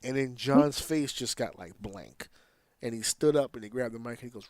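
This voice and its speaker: A man's voice: mid-range voice, moderate pace, darkish tone, no echo. A man hosting a casual podcast, talking in an opinionated, rambling way and swearing freely. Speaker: podcast host.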